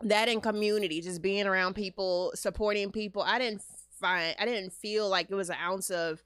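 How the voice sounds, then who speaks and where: Female podcast co-host, mid-pitched, chatty and easygoing, close dry mic. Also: fairly even intonation, moderate pace, fairly bright tone, smooth, dry recording. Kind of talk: casual chat.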